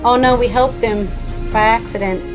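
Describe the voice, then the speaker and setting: A woman's voice: a little high, steady tone, moderate pace, low-quality recording. A young woman streaming a game, chatting casually and reacting with giggles. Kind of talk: casual live-stream commentary. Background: game music.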